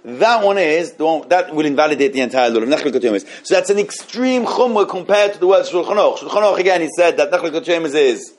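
Higher-voiced man teaching a text class. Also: animated. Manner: explains texts slowly with many restarts and repeated phrases. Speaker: Torah teacher. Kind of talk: halachic class with questions.

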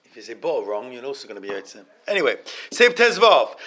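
A man's voice: medium pitch, very animated, a little fast, sharp tone. A man giving an informal Torah class. He stops and repeats words, mixes Hebrew terms into his English, and asks his students questions.

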